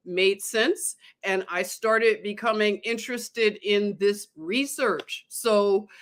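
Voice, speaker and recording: A woman hosts a casual live stream, chatting and giggling as she talks straight to her viewers. Her voice sits a little high for a woman. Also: fairly bright tone.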